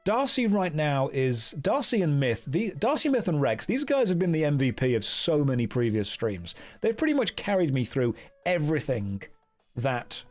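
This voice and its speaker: A male game streamer talking casually in wry, rambling runs, dropping quick jokey asides as he plays. His voice sits a touch high for a man. Its pitch moves in a lively, animated way. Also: faint music behind. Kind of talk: casual live-stream commentary.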